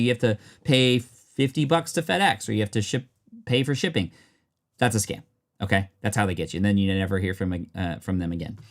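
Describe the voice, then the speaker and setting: Upbeat male streamer, casual chat, mid-pitched voice, faint music behind. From United States. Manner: upbeat, chatty, reads chat aloud. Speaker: streamer opening card packs.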